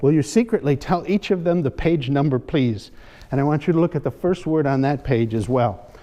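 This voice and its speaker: A man's voice: a little high, expressive, mellow. A man performing as a comedy magician, teasing and joking with audience volunteers on stage. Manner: playful, teasing, quick asides. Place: stage before a live audience. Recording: hall reverb, faint room noise.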